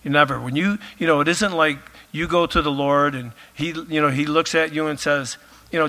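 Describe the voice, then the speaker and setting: A man delivers a sermon in a casual, chatty way, peppering his points with filler phrases. His voice is bright and forward, though it is starting to wear thin as he loses it. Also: fairly high pitch, steady tone, a little fast. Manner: conversational, many filler phrases. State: losing his voice. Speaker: pastor.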